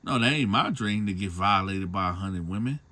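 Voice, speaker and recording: A man's voice: low voice, moderate pace, pushed and bright, dry recording. A man retelling a story in a loose, slangy way, often tagging lines with a question. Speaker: storyteller host. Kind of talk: casual storytelling.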